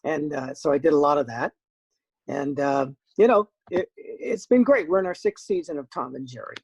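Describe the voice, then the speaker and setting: Older voice actor guy chatting, gravelly and a bit husky, dry close sound. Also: fairly high pitch, normal speed, dry recording, low-quality recording. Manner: lively storyteller, self-deprecating. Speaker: guest voice actor. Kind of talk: casual interview chat.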